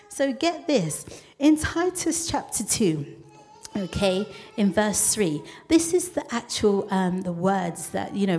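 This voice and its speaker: Brief: a woman preaching, chatty and animated, slips into voices when she quotes people. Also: mid-range voice. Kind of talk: sermon.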